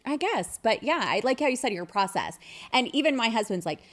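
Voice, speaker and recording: A woman's voice: a little high, big pitch swings, brisk, fairly bright tone. A middle-aged woman hosting a podcast, chatting casually, laughing often and poking fun at herself. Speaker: podcast host.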